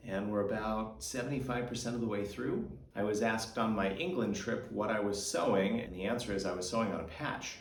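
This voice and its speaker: A man's voice: fairly low pitch, distant mic. A man with an American accent narrating a casual travel vlog in a chatty, self-deprecating way, recorded in an echoey room with the mic set back. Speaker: travel vlogger. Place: echoey room above a karaoke bar.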